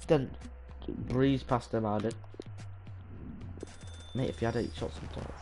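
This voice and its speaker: A young man commentating his own live gameplay stream, excitable, swearing and yelling at the game. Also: mid-range voice, normal speed, pauses often, a little hiss or hum. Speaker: gaming streamer.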